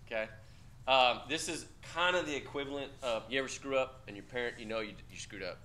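A man's voice: medium pitch, brisk, sharp tone. A man teaching a class, talking bluntly and casually with profanity, quizzing students in a discussion. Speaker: instructor.

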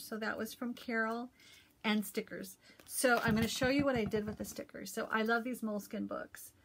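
Fairly high-pitched and fairly bright, this middle-aged woman's voice carries a chatty, effusive show-and-tell of her stitched gifts, heavy on fillers. The cross-stitch vlog is filmed at home in a messy room on a camera she turns around mid-talk.

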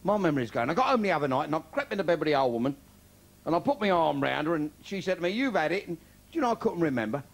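An older Cockney man works a stand-up crowd with crude, punchy gags. His voice sits high and leaps around in pitch. A faint noise floor hums beneath the recording. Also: very animated, very fast, gravelly. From London, England. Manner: bawdy, brash, punchy one-liners. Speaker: stand-up comedian. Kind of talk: stand-up comedy routine.

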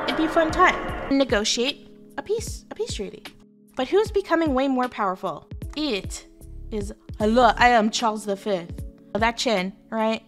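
Young female host, fairly high voice, loose joking history talk, lots of fillers. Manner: chatty, irreverent, lots of fillers. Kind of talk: casual comedic history explainer.

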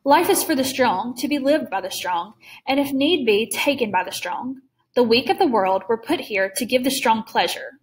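A woman's voice: on the high side, animated, moderate pace, lightly acted, low-quality recording. Woman reading as a suave, cruel aristocrat. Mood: condescending. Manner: smooth, genteel and mocking. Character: suave, cruel older male aristocrat hunter.

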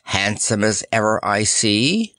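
A man voicing a relaxed, affectionate male camel with a wheezy voice. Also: fairly low pitch, slow, no room sound, studio quality, exaggerated voice. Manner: fond, relaxed.

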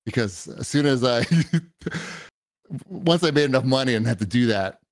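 A middle-aged man with a medium-pitched voice joins a podcast as a guest. He talks in a loose, rambling way, filling his speech with casual asides. The recording is close and dry. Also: expressive, normal speed, no room sound. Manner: rambling, conversational, frequent 'you know'. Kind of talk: casual chat.

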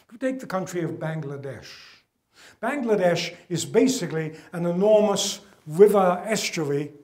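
Addressing a gala audience, an older man delivers a measured lecture with slides. His voice is a little high for a man. He speaks earnestly, stressing key words and dropping to a hush when the stakes turn serious.

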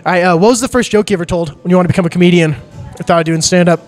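A man's voice: high voice, steady tone, racing, soft background music. A male podcast host in casual chat, upbeat, asking questions and laughing easily.

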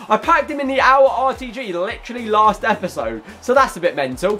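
Excitable young gamer, lively pitch. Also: male voice, a little fast, hardly any pauses. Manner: excitable, shouts at big pulls, chatty asides to viewers. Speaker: gaming YouTuber. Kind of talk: excited gaming commentary.

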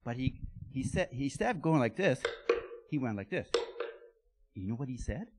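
Lively man talking to children. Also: mid-range voice, normal speed, heavy background noise. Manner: lively, playful, asks children questions. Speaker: guest speaker giving children's blessing. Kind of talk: children's talk in church. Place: church sanctuary.

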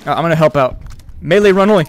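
Young guy streaming games, kinda high voice, hyped, cusses a lot, yells in fights. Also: racing. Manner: excitable, swears freely, yells during fights. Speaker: game streamer. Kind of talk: casual live-stream chat and gameplay commentary.

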